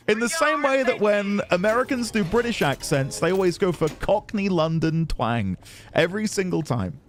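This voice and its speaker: A man's voice: high-pitched, sing-song, moderate pace, over music. A man streaming a video game, chatting loosely with his viewers, rambling and laughing often. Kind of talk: casual gaming livestream chat.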